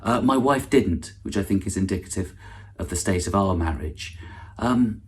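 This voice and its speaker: A man's voice: sits low, animated, normal speed. A middle-aged man hosting an online awards ceremony with a dry, self-deprecating stand-up monologue, full of false starts and asides. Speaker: awards host and comedian.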